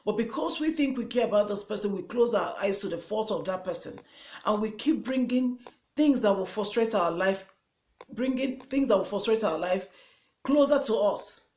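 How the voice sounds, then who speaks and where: Speaking expressively at a moderate pace, this vlogger has a mid-range, darkish voice and a Nigerian English accent. Her motivational advice is earnest and delivered in an echoey room, with repeated lines for emphasis.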